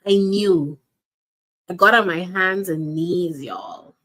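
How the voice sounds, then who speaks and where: Woman, lowish voice, faith coach, earnest direct monologue, repeats for emphasis. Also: expressive, slow pace, a bit bright. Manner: earnest, repeats key phrases, addresses listeners directly. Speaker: faith-based life and wellness coach. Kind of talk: faith-based motivational monologue.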